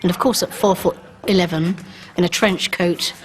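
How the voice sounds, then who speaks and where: A woman's voice: on the low side, steady tone, normal speed, noisy background. A woman, a former sitcom actress, recalling her role in a wry, self-mocking interview. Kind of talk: interview reminiscence.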